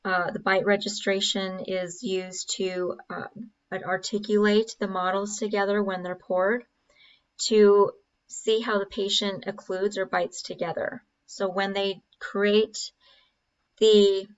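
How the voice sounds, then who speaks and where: Lady teaching dental steps over a video, kinda monotone, muffled lo-fi audio, lots of uhs. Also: mid-range voice. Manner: explanatory, with frequent fillers. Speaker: dental instructor. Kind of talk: narrating a procedure video.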